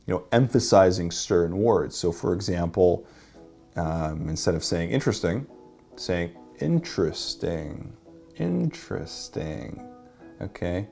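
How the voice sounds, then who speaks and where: A man's voice: low voice, normal speed, darkish tone, soft background music. A man teaching a workshop as a dating coach, explaining and demonstrating how to deliver lines.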